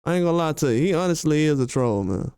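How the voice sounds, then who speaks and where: Speaking fast and animated, a male commentary host rants casually, heated and slangy, hammering his points again and again. The voice is fairly high yet dark and smooth, in a studio-quality recording with no room sound.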